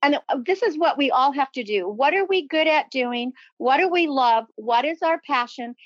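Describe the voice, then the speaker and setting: A woman's voice: high-pitched, animated, normal speed, dry recording. A woman guest on a podcast, talking from her home office in an effusive, upbeat, motivational way. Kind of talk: enthusiastic interview talk. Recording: dull, lo-fi sound.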